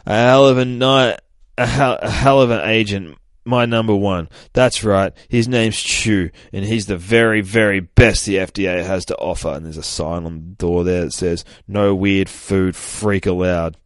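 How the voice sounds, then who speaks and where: A man's voice: fairly low pitch, steady tone, moderate pace, dry recording, clean studio sound. A man hosting a comic podcast, casually recapping an issue, swearing often and acting out the characters' lines. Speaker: comic book podcast host.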